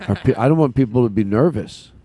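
A male comedy podcast host with a mellow, dark tone and a lively pitch range. He stops and restarts often, sounding unsure of himself, in a dry, close sound. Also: husky, no echo. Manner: halting, nervous, self-deprecating. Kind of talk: improvised comedy podcast chat.

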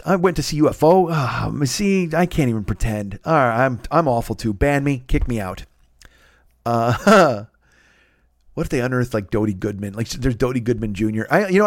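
A man's voice: medium pitch, no echo, clean studio sound. A man in his forties hosting a comedy podcast, ranting in an exasperated, profane, rambling way with stammered restarts. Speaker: podcast host. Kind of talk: comedic rant.

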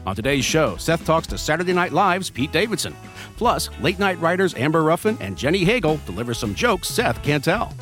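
A man's voice: fairly high pitch, big pitch swings, fairly quick, a bit bright, faint music behind. A man reading the show's announcer intro as voice-over. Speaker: show announcer.

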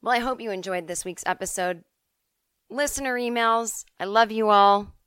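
With a clear, resonant, mid-range voice that's a bit bright, this woman speaks at a normal pace as she hosts her podcast and answers listener emails. She's in her forties, from the Boston suburbs, candid and chatty, swearing and laughing easily, in a dry studio-quality recording.

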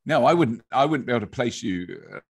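An older English man with a fairly posh accent and a husky voice, telling stories in a rambling, casual conversation. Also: medium pitch, animated, quick pace. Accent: English, fairly posh (received pronunciation trained). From England. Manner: rambling, storytelling, with laughs.

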